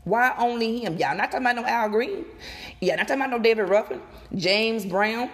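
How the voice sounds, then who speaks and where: A woman vlogger recording outdoors, giving emphatic, animated opinion commentary and talking straight to her viewers. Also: a little high, fairly quick. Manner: emphatic, animated, repeats and addresses viewers directly. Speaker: gossip vlogger.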